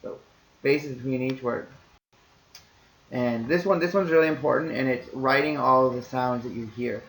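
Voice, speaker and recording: A man's voice: medium pitch, moderate pace, gravelly, fairly bright tone, echoey room, low-quality recording. A man teaching, explaining to parents in a recorded lesson in an easygoing, reassuring way, talking things through step by step.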